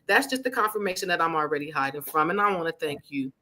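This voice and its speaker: A woman's voice: deep voice, fast. A woman hosting an interview with casual, heartfelt, emotional talk. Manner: effusive, emotional, animated storytelling. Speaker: podcast host.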